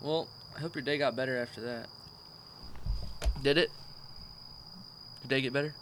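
A man hosting a casual chat outdoors at night, teasing his guest and animated when he retells a story. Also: mid-range voice, normal speed, a little hiss or hum, low-quality recording. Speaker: podcast host. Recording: faint outdoor night ambience with crickets.

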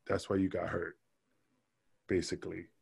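A man spins a backstage story in a casual, animated way, jumping into other people's voices and cursing as he quotes them. His voice sits on the low side. The sound is dry and close. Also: moderate pace, creaky, husky, dry recording. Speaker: podcast guest.

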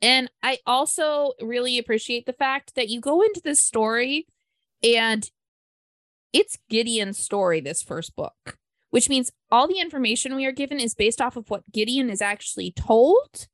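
A woman's voice: on the high side, expressive, measured pace, a bit bright, dry recording. A woman hosting a book club podcast, chatting enthusiastically with lots of fillers. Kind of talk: casual book discussion.

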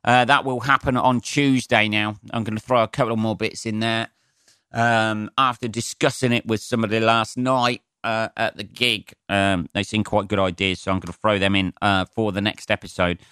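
A man's voice: fairly low pitch, little pitch movement, normal speed, sharp tone, clean tone, no room sound, studio quality. A man from England, a comedian, rambling through a casual solo podcast, swearing freely and poking fun at himself. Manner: sweary, rambling, self-mocking.

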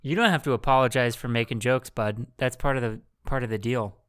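A young man chats as host of a casual podcast, his voice smooth and resonant. He rambles through a story loosely, with plenty of ums and restarts. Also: mid-range voice, brisk, a bit bright.

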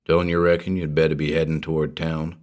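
A man voicing a superstitious old backwoods hermit, in a slow rustic drawl that keeps dropping to a hushed, ominous tone. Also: rumbling low, level tone.

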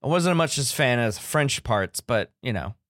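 A male podcast co-host chats casually about a movie, rambling and restarting his sentences often. His mid-range voice has lively intonation and a normal speed, sounding a bit bright. The recording is dry and studio quality.

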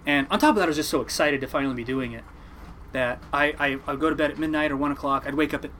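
A man telling a casual story about captaining a fishing boat, animated and swearing casually. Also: a little high, racing, a little hiss or hum, rough recording. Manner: animated, mimics people in quotes, swears casually.

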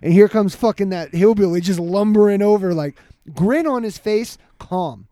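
Man in his thirties, slightly high voice, dry close sound, profane lively storytelling. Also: normal speed, no echo. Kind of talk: casual chat.

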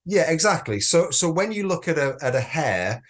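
A man's voice: fairly high pitch, very animated, normal speed. A man co-hosting a podcast in casual, playful chat, rambling with many restarts, just over an illness. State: recovering from illness. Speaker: podcast co-host.

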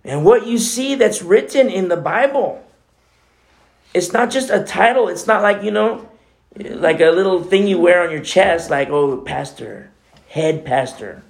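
A man's voice: high voice, moderate pace. A man preaching a sermon as co-pastor, talking in a conversational way with many asides.

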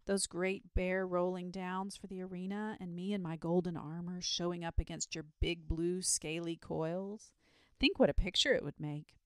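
A woman's voice: lowish voice, steady tone, normal speed, clean tone, no echo, clean studio sound, natural voice. Woman doing an earnest, patient knight. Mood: persuasive. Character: earnest, persuasive knight, a grown man.

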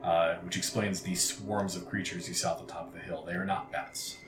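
Low-voiced man narrating as game master. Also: a little fast. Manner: vivid descriptive narration with frequent uh fillers. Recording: roomy recording with steady background noise.

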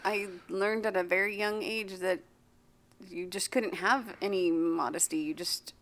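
A woman co-hosting a podcast in casual chat, lively and laughing. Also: mid-range voice, a little slow. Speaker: podcast co-host.

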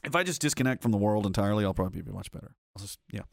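A man's voice: lowish voice, lively intonation, racing, gravelly, no echo, clean studio sound. A man hosting a live stream, reading out chat and rambling in a casual, profane way while laughing often.

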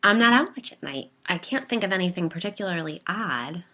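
A woman's voice: lowish voice, lively intonation, brisk, pushed and bright. A woman doing a jittery newcomer. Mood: flustered. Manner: anxious, alarmed questions. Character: nervous woman newcomer to the neighborhood.

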